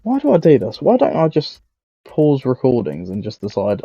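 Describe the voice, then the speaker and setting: A man's voice: medium pitch, huge pitch swings, normal speed, breathy edge, dry recording, lo-fi sound. A young man giving casual, rambling, self-mocking commentary on a football career game, swearing freely. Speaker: gaming YouTuber.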